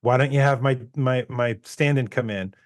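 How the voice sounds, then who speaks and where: Male podcast co-host, mid pitch, chatty storyteller, laughs often, dry close mic. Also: moderate pace, dry recording. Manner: rambling, laughing often, retelling anecdotes. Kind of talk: casual chat.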